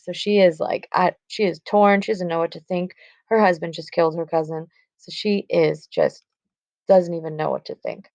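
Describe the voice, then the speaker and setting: A woman's voice: on the low side, steady tone, normal speed, vocal fry, darkish tone, dry recording. A woman teacher casually explaining a classic play, using fillers like "um" and "like.". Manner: casual, with fillers like 'um' and 'like'.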